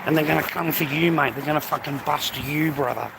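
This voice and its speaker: A man's voice: fairly high pitch, brisk, creaky. An Australian man vlogging casually, rambling and swearing as he talks to his viewers and calls them mate. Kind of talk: casual ranting vlog. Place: outdoors on streets and in shops. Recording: noisy street recording with traffic.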